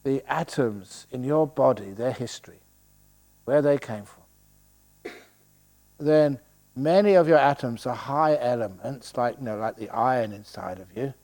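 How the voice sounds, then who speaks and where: A man's voice: medium pitch, expressive, unhurried, darkish tone. An older man giving a playful dharma talk at a meditation retreat, joking and laughing as he teaches.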